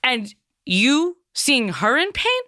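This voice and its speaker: A woman's voice: sits high, big pitch swings, slow, sharp tone, no room sound, clean studio sound, heavily acted. A woman impersonating a chatty middle-aged psychic medium with a Long Island accent, rambling with many fillers in a comedy sketch. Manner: rambling, full of fillers and restarts.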